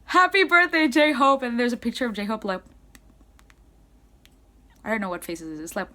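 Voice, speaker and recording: A young woman excitedly recapping a concert she attended, in casual rambling speech full of "like". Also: mid-range voice, normal speed. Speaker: concert-going fan.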